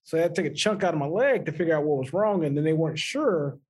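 A man co-hosting a podcast, telling a personal story in casual chat, animated and laughing often. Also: fairly high pitch, fast talker, husky. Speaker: podcast co-host.

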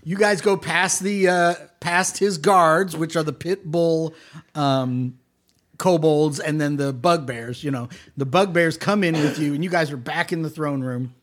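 Brief: male game master, high bright voice, playful rambling narration. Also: measured pace.

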